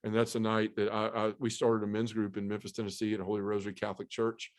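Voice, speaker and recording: A man's voice: on the low side, completely flat delivery, quick pace. A middle-aged man giving an earnest, heartfelt personal testimony as a podcast guest, restarting his sentences as he goes.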